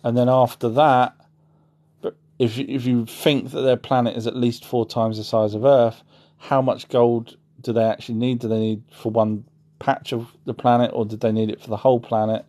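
A man's voice: mid-range voice, flat delivery, moderate pace, mellow. A man hosting a casual livestream, answering chat in a rambling way and often correcting himself. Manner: rambling, self-correcting, apologetic asides.

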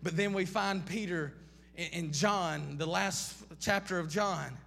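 A man's voice: sits high, unhurried, gravelly, bright, forceful tone. A man preaching a sermon, impassioned, piling up repeated questions and restarting phrases. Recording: long reverb of a large hall.

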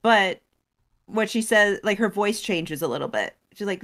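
A woman co-hosting a casual recap show, retelling a story and acting out characters' lines in quick voices. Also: mid-range voice, animated, a bit bright. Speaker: co-host recapping story lore. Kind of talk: casual chat.

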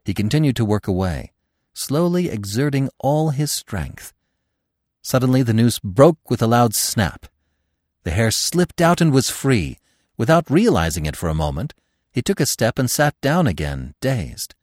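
A man narrating a classic story as the podcast's reader, with an expressive, dramatic delivery. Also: on the low side, measured pace, no room sound, clean studio sound. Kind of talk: audiobook storytelling.

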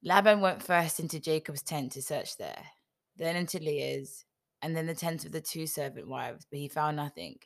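A woman's voice: deep voice, moderate pace, vocal fry. A woman reading a scripture story aloud in a casual way, now and then breaking off for a wry joke. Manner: reads aloud, breaking off for wry joking asides. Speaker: scripture reader.

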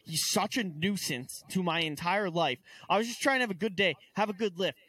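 A man's voice: sits high, brisk, bright, forceful tone, slightly rough, no room sound. A young man co-hosting a casual sports podcast, ranting in exasperation with stammered restarts. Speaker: podcast co-host.

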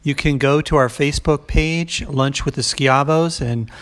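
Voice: mid-range voice, measured pace. A podcast co-host in casual chat, chiming in with short remarks and wrapping up the episode. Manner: chimes in with short remarks and wraps up the show.

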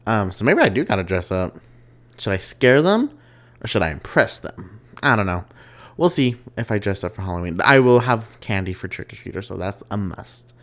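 A young man hosting a casual solo podcast, chatty and quick to laugh as he tells stories. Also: lowish voice. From West Texas. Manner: chatty, giggly, animated storytelling. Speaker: podcast host.

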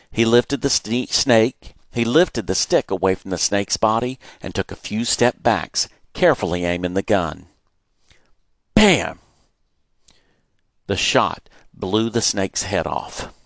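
A man reading his childhood memoir aloud, animated and acting out the moments he retells. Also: sits low, dry recording, clean studio sound. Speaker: storyteller.

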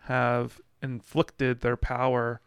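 A man's voice: medium pitch, completely flat delivery, takes it slowly, clean tone, no echo, studio quality. A man co-hosting a podcast, discussing a novel in a reflective, hesitant way with many restarts. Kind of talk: casual book discussion.

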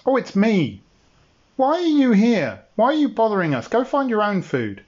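Man putting on a squeaky indignant lady dinosaur for a storytelling show, voice leaps around, muffled lo-fi sound. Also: huge pitch swings, normal speed, darkish tone, full character voice. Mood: irritated. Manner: huffy, indignant. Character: prickly female Leptoceratops dinosaur. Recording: dull lo-fi sound.

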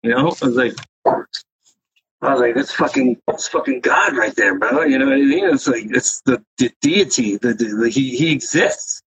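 A man's voice: mid-range voice, normal speed, fairly bright tone, slight background noise, low-quality recording. Profane, rambling New man. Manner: rambling, profane street talk with many fillers. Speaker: interview guest, graffiti writer. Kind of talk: casual storytelling interview.

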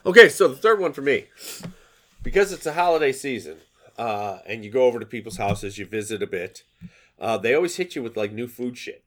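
A man's voice: medium pitch, lively intonation, a little fast, a bit bright. A man co-hosting a podcast in casual chat, complaining animatedly and swearing often. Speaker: podcast co-host.

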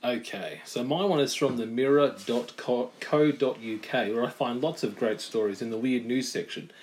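A man with a mid-range voice co-hosts a casual podcast. He chats easily and laughs often. He reads strange news headlines aloud in a flat, deadpan way. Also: medium pitch, normal speed, slight background noise. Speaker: podcast co-host.

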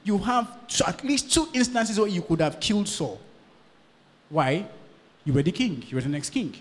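A male pastor preaching a sermon, swinging from loud bursts to hushed lines and checking in with his congregation. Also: high voice, expressive, normal speed, big-room sound.

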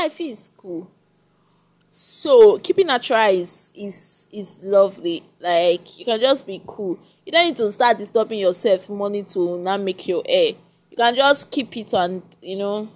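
A woman hosting her own podcast in a chatty, rambling solo monologue, often repeating herself. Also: medium pitch. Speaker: podcast host.

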